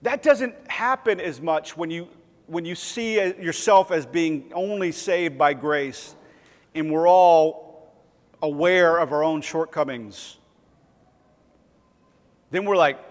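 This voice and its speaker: A man's voice: a little high, slow, long pauses, big-room sound. A man preaching a sermon in a church, conversational and self-deprecating, sometimes acting out little voices. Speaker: pastor. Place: church sanctuary.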